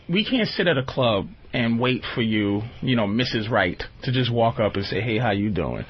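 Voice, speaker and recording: A man's voice: mid-range voice, slight background noise. A man hosting a radio talk show, joking loosely and often asking whether the listener understands. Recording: lo-fi radio recording.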